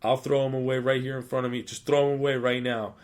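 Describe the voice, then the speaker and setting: A man's voice: mid-range voice, little pitch movement, quick pace, pitched above the performer's own voice, lightly acted. A man putting on a school police officer coaxing students to hand over cigarettes, in a podcast studio. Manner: coaxing, persuasive.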